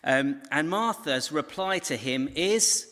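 Animated, slow-talking male Bible teacher. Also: a little high. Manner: conversational, animated storytelling with asides to viewers. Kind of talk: recorded Bible teaching talk. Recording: long hall reverb.

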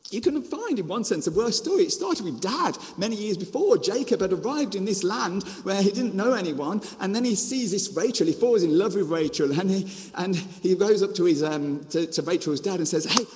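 A man from Birmingham with a Birmingham accent, preaching a storytelling sermon as a children's ministry author, with a lively manner full of restarts and asides. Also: sits high, moderate pace, few pauses, long reverb tail. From Birmingham, England.

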